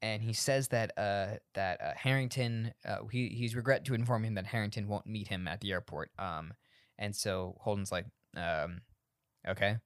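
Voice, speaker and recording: A man's voice: lowish voice, fairly even intonation, normal speed, dry recording, studio quality. A man co-hosting a film podcast in casual chat, rambling and swearing freely. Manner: rambling, profane, laughs often.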